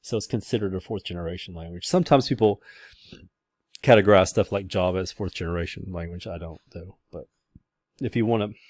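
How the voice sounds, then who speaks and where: Low-voiced man giving a rambling lecture. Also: a little fast, darkish tone, dry recording, studio quality. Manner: casual, rambling, with many fillers and restarts. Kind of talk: recorded class lecture.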